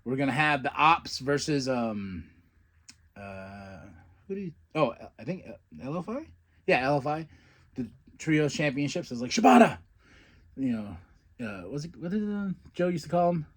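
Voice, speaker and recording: A man hosting a podcast, recapping a wrestling show in a casual, excitable, rambling way and laughing often. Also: medium pitch, normal speed. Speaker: podcast host.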